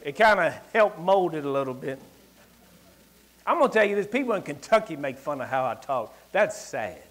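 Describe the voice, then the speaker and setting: A man with a rural Southern US accent preaches in a church service, his voice sitting high for a man. He talks in a folksy, emphatic way, swinging from ringing declarations to quiet, confiding asides. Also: very animated, moderate pace. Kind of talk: sermon with personal storytelling.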